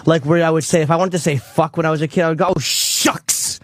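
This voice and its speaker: A man's voice: a little high, fairly even intonation, racing, a little mellow. A man chatting bluntly and crudely on a radio talk show, with stammering restarts on a close studio mic. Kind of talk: casual radio banter.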